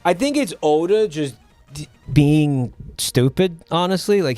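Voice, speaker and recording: A man streaming live and chatting casually, rambling and halting, with many fillers and restarts and an offhand, sardonic tone. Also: on the high side, expressive, darkish tone, no echo, soft background music.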